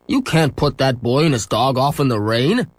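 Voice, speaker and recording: A man's voice: medium pitch, sing-song, moderate pace, no room sound. Big jolly bus passenger, protesting the driver, as a man reads him. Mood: indignant.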